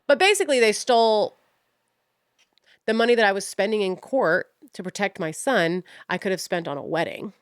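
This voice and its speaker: A woman's voice: medium pitch, expressive, moderate pace, clean tone, dry recording, clean studio sound. Frank, swearing young woman podcaster. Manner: frank, swears often, scattered and self-mocking. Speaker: podcast host. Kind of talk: casual rambling monologue.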